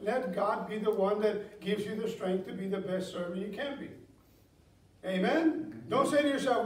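A man's voice: high-pitched, moderate pace. A middle-aged man, a pastor, preaching a sermon with folksy storytelling that builds to emphatic exhortation. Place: church sanctuary. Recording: echoey church from a distance.

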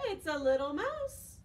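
A woman's voice: sits high, far from the mic, heavy background noise. A young woman leading preschool storytime, singing action songs and reading a picture book aloud with gasps and questions for the children. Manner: animated, sing-song, with gasps and questions to children. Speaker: children's librarian.

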